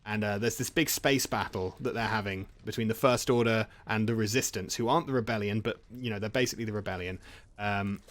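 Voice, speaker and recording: A man's voice: lowish voice, fairly quick. A man casually retelling film plots from memory while playing a game. He rambles, jokes and laughs often. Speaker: gaming channel host.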